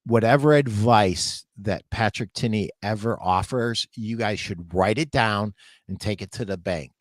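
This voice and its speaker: An older man hosting a live question-and-answer show, giving business advice in a slow, measured way. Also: lowish voice, no room sound. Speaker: show host and retail consultant.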